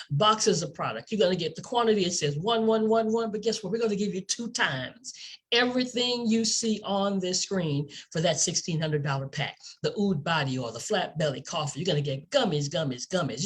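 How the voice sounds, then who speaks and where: A woman's voice: fairly low pitch, husky. A woman giving an enthusiastic sales presentation, asking the listener rhetorical questions and repeating words for emphasis. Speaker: company presenter.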